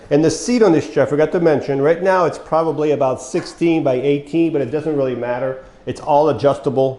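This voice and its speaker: A man's voice: medium pitch, darkish tone. A man walking viewers through a power wheelchair as a mobility equipment dealer, plainspoken and talking to them as folks, his voice getting worn. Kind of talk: product walkthrough demo. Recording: echoey room.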